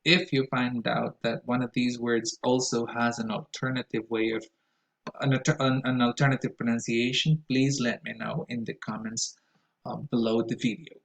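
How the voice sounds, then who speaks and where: A man's voice: mid-range voice, flat delivery, moderate pace, gravelly, rough recording. A man whose first language is Spanish lectures his students on English word stress. He explains carefully, with plenty of "uh" and "um" between phrases. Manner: careful, explanatory, with frequent "uh" fillers. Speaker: English pronunciation teacher.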